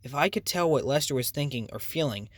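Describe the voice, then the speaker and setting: A man's voice: medium pitch, lively intonation, fairly quick, dry recording. Dry, close male audiobook narrator. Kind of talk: first-person audiobook narration.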